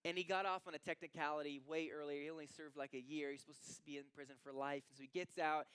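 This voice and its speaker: A man preaches to his congregation in a lively, conversational way, dropping into casual asides. His voice sits a little high and sounds smooth and resonant. The recording is dry and close, with little room sound. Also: no echo. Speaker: pastor. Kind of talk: sermon. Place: church sanctuary.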